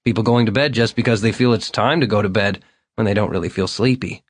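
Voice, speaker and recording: A man's voice: on the low side, fast, breathy edge, no echo. A man voicing an eager, talkative young man whose lines come out raised and insistent. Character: eager chatty young man, upbeat and earnest.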